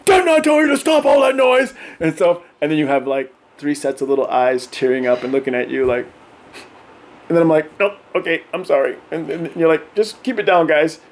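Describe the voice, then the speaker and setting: A middle-aged man telling animated stories in casual podcast chat, often acting out voices and laughing. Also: a little high, brisk, a little hiss or hum. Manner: animated, acts out voices of his kids and himself, laughs often. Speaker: podcast guest.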